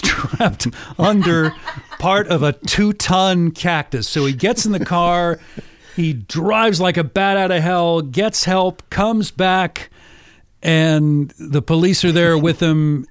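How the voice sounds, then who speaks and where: A male podcast host telling a story casually, animated and often laughing. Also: fairly high pitch, slow, smooth, dry recording, studio quality.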